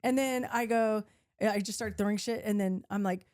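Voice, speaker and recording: A woman co-hosting a podcast, telling a story in an animated way, laughing often and swearing casually as she acts out what she said. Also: moderate pace, clean tone. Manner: laughing often, acting out her own quotes with big pitch swings. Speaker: podcast co-host.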